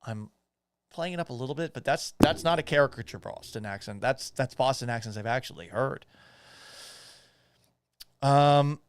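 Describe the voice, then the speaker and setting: A man's voice: medium pitch, normal speed, pauses often, smooth, no room sound. Blunt, profane male sports podcast host. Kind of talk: casual sports talk, reading viewer comments.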